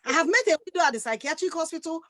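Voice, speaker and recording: A woman on a discussion panel, speaking forcefully and with passion from her own experience. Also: very high-pitched, expressive, very fast, no room sound.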